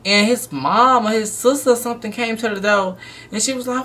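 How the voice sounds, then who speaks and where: Blunt, animated young woman vlogger. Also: on the high side, moderate pace. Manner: animated, blunt, emphatic storytelling. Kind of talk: storytime vlog.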